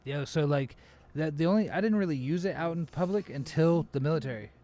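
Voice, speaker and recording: A man's voice: fairly high pitch, a little fast, warm tone. A man hosting a casual podcast chat, laid-back, with lots of fillers and swearing. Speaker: podcast host.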